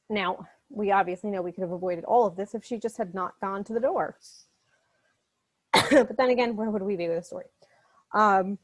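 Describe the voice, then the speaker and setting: A woman in her thirties, a literature instructor, giving a recorded lecture on a short story. She talks in a casual, chatty way and makes frequent asides. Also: medium pitch.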